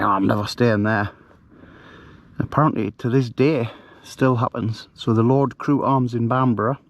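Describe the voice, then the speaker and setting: A middle-aged man talks at an ordinary middle pitch, rambling casually with plenty of fillers and restarts. He is recorded on a handheld camera outdoors at night. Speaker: camper vlogger. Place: outdoors at night in a bivvy bag.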